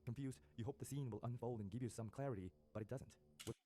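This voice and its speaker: A man's voice: medium pitch, fast, dark tone, no room sound. A man narrating a scripted video essay in a polished, wordy manner.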